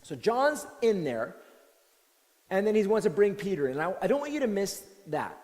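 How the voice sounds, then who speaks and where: A man preaching a sermon as pastor, talking in a conversational, animated way with many restarts and repeated words. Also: high voice, normal speed, in a large hall. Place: church.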